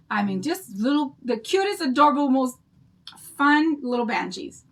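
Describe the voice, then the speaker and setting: An older woman hosting a craft livestream, chatting to her viewers in a bubbly, rambling storytelling way. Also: a little high.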